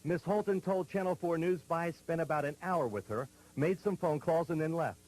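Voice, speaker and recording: A man narrating a television news report in a measured, grave, scripted delivery. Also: fairly high pitch, darkish tone, low-quality recording.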